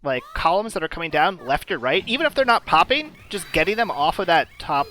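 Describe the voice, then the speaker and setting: A man's voice: fairly high pitch, sing-song, a little fast, pushed and bright, slight background noise. A man doing casual live commentary on a puzzle game tournament, chatty and explanatory, with many fillers.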